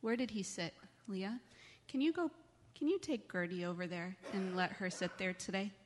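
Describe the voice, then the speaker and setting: A woman giving a children's message in church, speaking gently and coaxing the kids with questions. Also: medium pitch, normal speed, slight background noise. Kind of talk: children's sermon. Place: church sanctuary. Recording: long church reverb.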